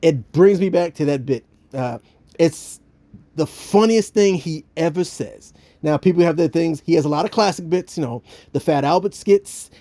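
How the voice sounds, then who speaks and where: A man giving casual, joking devotional commentary in an animated way, with many restarts. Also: on the high side, moderate pace. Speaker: vlogger.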